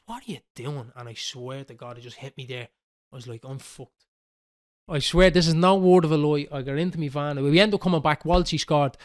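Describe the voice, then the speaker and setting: Fast-talking Dublin man telling stories. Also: medium pitch. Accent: Dublin Irish. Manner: animated, swearing, quoting others. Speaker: podcast host. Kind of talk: casual storytelling.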